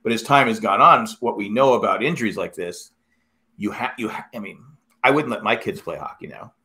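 A middle-aged man in casual chat, telling rambling, animated stories with many restarts. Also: on the low side, fairly quick.

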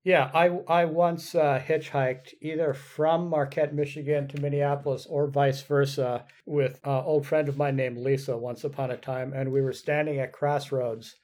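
A man's voice: mid-range voice, level tone, moderate pace, hardly any pauses, darkish tone. A man hosting a podcast, asking questions in a chatty way and laughing easily. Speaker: podcast host. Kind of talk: casual podcast interview.

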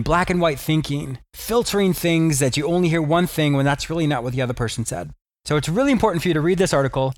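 A man's voice: mid-range voice, dry recording. A man hosting his own podcast and radio show as a psychotherapist, opening with an upbeat, promotional intro and then moving into an explanatory teaching talk.

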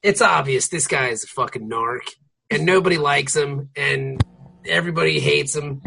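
A man chatting casually on a podcast, laughing often and ranting crudely in an animated way. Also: mid-range voice, moderate pace, vocal fry. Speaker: podcast co-host. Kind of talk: casual chat.

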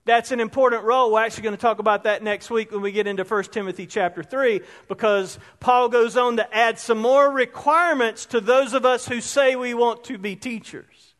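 Male pastor, very high voice, chatty preaching style, long church-hall reverb. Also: steady tone, fairly quick, hardly any pauses, fairly bright tone. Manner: conversational preaching, asks the congregation questions. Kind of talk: sermon. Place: church sanctuary.

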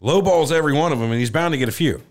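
Very fast-talking podcast co-host. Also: male voice, a little high. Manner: teasing, profane banter. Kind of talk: casual chat.

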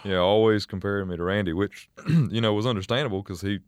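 A man as a country singer guest in a casual interview, talking in a halting, measured way with many fillers. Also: on the low side, smooth, no room sound, clean studio sound.

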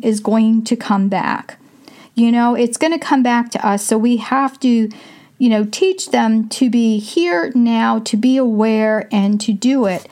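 An older woman speaks in a casual, chatty manner as she hosts an advice talk. Her voice sits slightly high for a woman. She fills her sentences with "you know" and often rushes through phrases in quick bursts. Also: darkish tone. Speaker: host.

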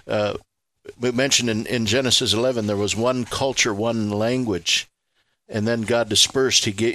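Bright-voiced preacherly man. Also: medium pitch. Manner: expansive, preacherly, builds to emphatic rhetorical questions. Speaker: ministry leader guest. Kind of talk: radio talk show guest, preaching explanation.

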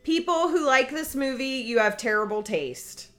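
Bright-voiced woman, blunt sarcastic movie commentary. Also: high-pitched, animated, moderate pace, soft background music. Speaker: podcast guest.

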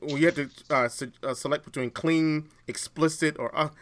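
Male podcast co-host, casual and halting, bright tone. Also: on the high side, fairly even intonation. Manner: hesitant, many fillers and restarts. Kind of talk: casual chat.

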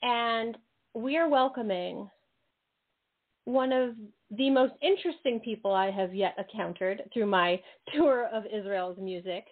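A woman hosting an interview show, bubbly and quick to laugh, talking eagerly with her guest. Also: a little high. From United States. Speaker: host. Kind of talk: casual interview chat. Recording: tinny phone-like sound.

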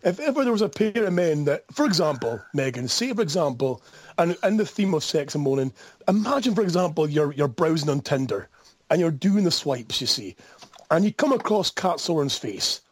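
A Scottish man phoning in on a mobile, his slightly high voice husky and close, recorded dry. He ribs the hosts with mock outrage and frequent laughs. His delivery swings between bursts of high excitement and mutters. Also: a little fast, dry recording. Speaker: caller. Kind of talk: comedic call-in banter. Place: phone call into a podcast. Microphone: mobile phone.

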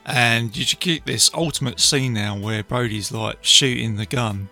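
A man's voice: medium pitch, unhurried, creaky, pushed and bright, soft background music. A man hosting a casual film review podcast, retelling scenes in a chatty way with plenty of fillers. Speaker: podcast host.

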